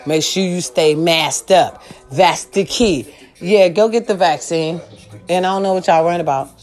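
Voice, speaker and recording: A woman's voice: fairly low pitch, moderate pace, faint music behind. Hyped, profane older woman vlogger. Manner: loud, hyped, profane and sassy. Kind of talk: casual pep talk.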